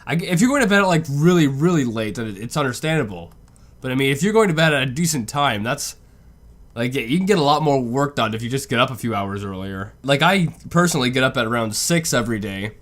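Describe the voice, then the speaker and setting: Young man, casual video reaction, rambling musings, bright voice, lively pitch. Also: fast talker. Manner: rambling, musing, thinks aloud with fillers.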